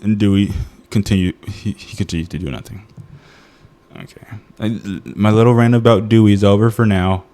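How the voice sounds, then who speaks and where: A man's voice: lowish voice, mellow. A man giving a casual, comedic movie review, ranting in exasperation, often laughing and restarting his sentences.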